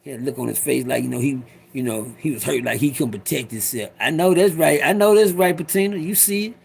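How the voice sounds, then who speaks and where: A man's voice: mid-range voice, fast, creaky, darkish tone, slightly rough. A middle-aged man telling a rambling, profane story to his live viewers, often breaking off to talk to them directly. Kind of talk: casual livestream storytelling.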